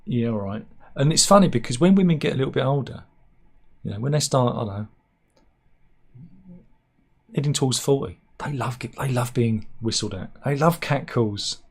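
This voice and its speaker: A man's voice: mid-range voice, expressive, normal speed, vocal fry, breathy edge. Sarcastic man riffing on news. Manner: sarcastic, mock-serious, mutters asides. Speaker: satirical news vlogger. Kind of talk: rambling comic news commentary.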